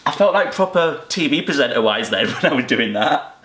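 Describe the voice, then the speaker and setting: A man's voice: medium pitch, lively intonation, fairly quick, fairly bright tone, slight background noise. A man hosting a casual chat, playful and giggly. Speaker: podcast host. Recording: echoey room, faint clicks.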